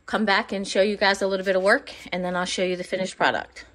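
A woman's voice: mid-range voice, flat delivery, fast, a bit bright. A woman giving a casual, rambling tour of her home decor, a little out of breath and apologetic, filmed on a handheld phone indoors. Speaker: home vlogger. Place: inside a house.

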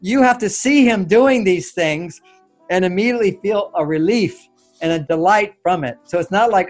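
A man's voice: high voice, normal speed, faint music behind. A man as an interview guest, giving relationship advice step by step and acting out example dialogues. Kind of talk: advice explanation in conversation.

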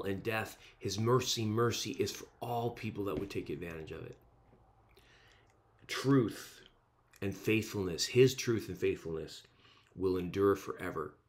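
A man preaching a sermon as pastor, stressing points by repeating words, with a casual aside now and then. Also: low-pitched.

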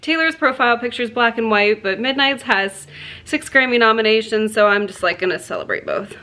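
A woman's voice: fairly high pitch, fairly quick, sharp tone. A young woman in her twenties chatting in a casual vlog, bubbly and gushing, with lots of "like" fillers, filmed on a phone at home, in a car and in stores. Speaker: vlogger.

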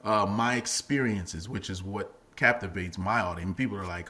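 A man's voice: normal speed, few pauses. A middle-aged man and comedian, a guest on a podcast, telling stories in a loose, chatty way and breaking into laughs as he goes. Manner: animated, acts out quotes in a much higher voice, laughs often. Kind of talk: casual podcast interview storytelling.

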